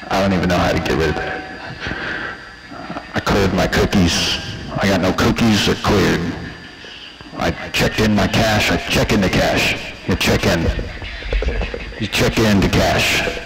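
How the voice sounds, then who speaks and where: A man's voice: deep voice, fairly even intonation, unhurried, vocal fry, roomy sound, music in the background, rough recording. A man livestreaming in a rambling, profane, jokey casual talk.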